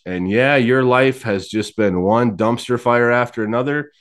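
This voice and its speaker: A man's voice: medium pitch, a little slow, hardly any pauses. A man in his late thirties telling his faith story candidly, laughing often and acting out the people in his story. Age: 30s. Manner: candid, laughs often, animated quoted voices. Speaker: podcast guest. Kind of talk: casual testimony storytelling.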